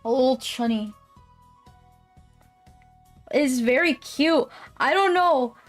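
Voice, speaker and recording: A woman's voice: high-pitched, slow, faint music behind. A woman streamer chatting casually with her viewers. She rambles, swears often and laughs easily. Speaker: live streamer. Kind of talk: casual live-stream chat.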